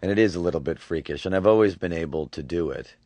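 A man around forty, a voice actor talking in an interview, halting and restarting his words often. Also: low-pitched, a little mellow, no echo. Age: 40s. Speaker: voice actor guest. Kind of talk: relaxed interview talk.

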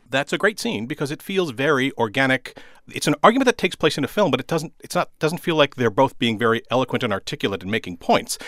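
Animated, wry male podcast critic. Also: medium pitch, no room sound, clean studio sound. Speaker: podcast panelist. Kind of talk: casual chat.

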